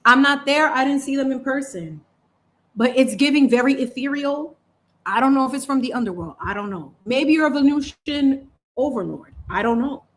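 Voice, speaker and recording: A woman's voice: sits high, lively intonation, moderate pace. A woman hosting a casual paint-along chat, talking in a chatty, playful way with lots of slang. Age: adult parent. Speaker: channel host.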